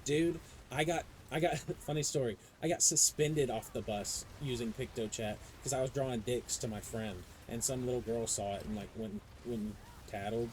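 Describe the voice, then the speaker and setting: A young man live-streaming a game, talking in a loose, casual way. He swears constantly and gets worked up as he rants through his stories. His voice sits at an ordinary pitch with a mellow, soft-edged tone, over a faint hiss of noise. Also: moderate pace, few pauses, rough recording. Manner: profane, animated ranting storyteller. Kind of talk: casual chat while gaming.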